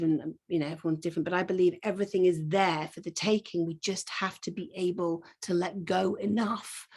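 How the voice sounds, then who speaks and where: Rambling, earnest woman coach. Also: medium pitch. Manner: rambling and earnest, with frequent fillers, restarts and casual swearing. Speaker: life coach. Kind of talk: informal masterclass talk.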